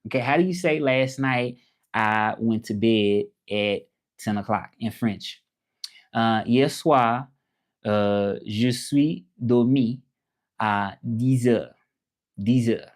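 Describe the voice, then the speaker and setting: A man from Memphis, hosting a casual live chat and repeating his phrases slowly as he thinks them over. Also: mid-range voice, a little mellow. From Memphis, Tennessee, USA. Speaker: livestream host.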